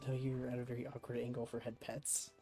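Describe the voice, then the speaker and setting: A game streamer at a home desk who talks fondly and chattily to a cat in their arms. The voice sounds mellow and mid-pitched, with faint music playing underneath. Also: completely flat delivery, fairly quick. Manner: doting, chatty talk to a pet. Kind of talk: casual stream chat. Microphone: desk microphone with webcam.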